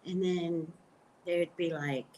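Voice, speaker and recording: A woman hosting a casual psychic livestream, talking straight to her viewers in an animated way and laughing often, on a webcam mic at home. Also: fairly low pitch, takes it slowly, noisy background.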